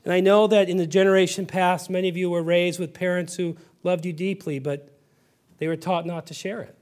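A male pastor delivering a sermon, telling family stories and building to loud, fervent emphasis, with frequent restarts. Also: high-pitched, little pitch movement, a little fast. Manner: acts out his daughter's voice in stories.

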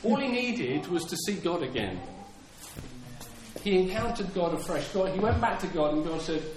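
A man gives a sermon, earnest and a touch high in pitch. He stumbles and repeats words as he builds his points and acts out the lines he quotes. The room is roomy and echoey, with faint ambience behind him. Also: sing-song, normal speed, slight background noise. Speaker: preacher.

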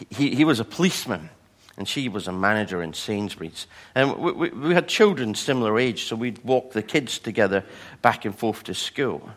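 A man preaching a sermon, telling personal stories and acting out the people in them. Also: lowish voice. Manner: storytelling, animated voices for quoted people. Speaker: pastor.

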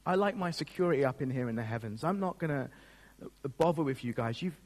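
A man's voice: mid-range voice, animated, fast talker, a little mellow, close to an everyday voice. A man voicing a smug, aloof male deity who dismisses humanity in a scornful tone.

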